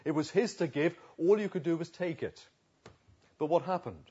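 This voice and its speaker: A man preaching a sermon, dropping to a hush and then rising loud, slow and emphatic with long pauses. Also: on the high side, expressive, slightly rough, dull audio. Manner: dramatic swings between hushed and loud passages.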